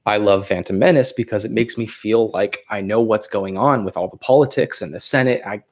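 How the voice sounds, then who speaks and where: A man's voice: on the low side, a little fast. A man with a Californian accent hosting a casual livestream, thinking aloud and rambling with fillers. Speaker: livestream host.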